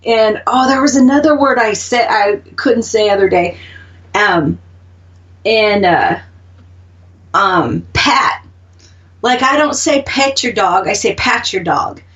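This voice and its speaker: A woman's voice: medium pitch, animated, slow, pauses often, fairly bright tone, distant mic, lo-fi sound. A woman with an Oklahoma accent co-hosting a radio show, chatting casually and laughing often. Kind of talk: casual chat.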